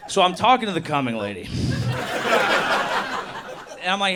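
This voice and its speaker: Brief: young male stand-up, slightly high voice, live club recording, audience noise behind. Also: normal speed, long pauses. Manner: crude, animated storytelling with voiced quotes. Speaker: stand-up comedian. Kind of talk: stand-up comedy set. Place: comedy club stage.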